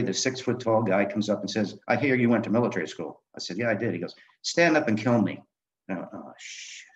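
A man's voice: fairly low pitch, highs cut off. An older man, a guest author, telling candid stories from his life in a blunt, swearing way, laughing now and then. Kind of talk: storytelling interview.

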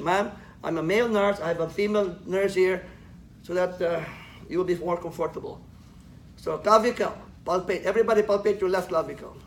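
A man's voice: sits high, gravelly. A man lecturing a class, quizzing students with questions and joking as he teaches. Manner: joking, laughs at his own jokes. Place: lecture room. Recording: echoey classroom with faint noise.

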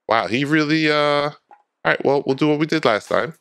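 A man's voice: on the high side, normal speed, a bit bright, smooth, no echo. A man casually commentating a video game, reading the dialogue aloud with a playful, jokey manner. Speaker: gaming channel host. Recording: dry, with faint game music behind.

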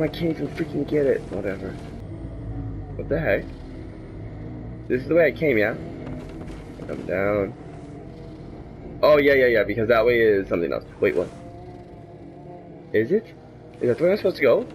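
A young man commentating his gameplay, exasperated and talking back to the game, swinging from mutters to shouts. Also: mid-range voice, big pitch swings, normal speed, pauses often, faint music behind. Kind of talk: let's play commentary.

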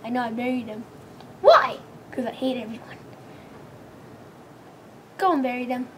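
A woman voicing a rude, careless male turtle-dragon king in a homemade plush-toy comedy skit, talking in a flat, offhand way. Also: on the high side, normal speed, a little hiss or hum, close to an everyday voice.

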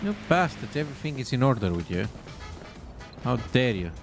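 A man's voice: medium pitch, sing-song, moderate pace, music in the background. Sarcastic man commentating gameplay. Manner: sarcastic, exasperated, swears often. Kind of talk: let's play commentary.

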